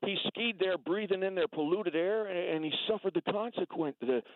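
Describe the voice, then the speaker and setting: A man voicing a folksy elderly president who wanders off mid-sentence and repeats his words. The voice sits high and runs through a thin, phone-like line. It is a comedy radio sketch impression. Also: brisk, no echo, close to an everyday voice. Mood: rambling. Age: older. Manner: meandering, repeats words, tags lines with "man".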